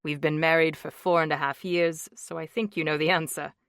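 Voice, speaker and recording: A woman reading an audiobook, voicing a gentle, playful young husband in a lowered voice. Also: fairly even intonation, brisk, no room sound, studio quality. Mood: teasing. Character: tender joking young husband, man. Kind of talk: audiobook character voice.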